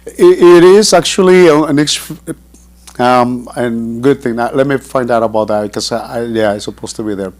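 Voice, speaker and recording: A man's voice: mid-range voice, normal speed, a little mellow. A man from the facility's staff answers residents' questions at a town hall, stopping and restarting often. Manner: hesitant, many restarts.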